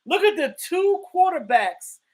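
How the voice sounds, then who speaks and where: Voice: very high voice, big pitch swings, measured pace, darkish tone. A live stream host giving casual sports commentary and greeting chat viewers. The host is emphatic and profane and repeats points for effect.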